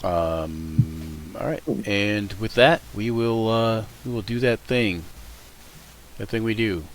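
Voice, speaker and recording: A man's voice: on the low side, slow, a little hiss or hum. A man running a tabletop game as game master, explaining rules in a rambling way and correcting himself often.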